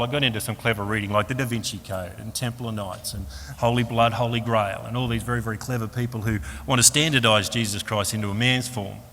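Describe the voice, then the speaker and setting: Australian man giving a lively testimony. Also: medium pitch. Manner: animated storyteller, acts out voices and asks "okay?". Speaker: speaker at a Christian fellowship meeting. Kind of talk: personal testimony talk. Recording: long hall reverb, faint room noise.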